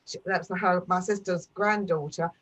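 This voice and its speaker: A woman's voice: on the low side, steady tone, a bit bright. Hesitant woman in a class. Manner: halting, hesitant storytelling with repeats. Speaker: class participant.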